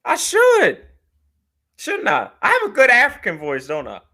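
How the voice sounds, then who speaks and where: His voice sits very high and his delivery is unhurried. He co-hosts a podcast, bantering casually, and comes across as animated and joking, with an easy laugh.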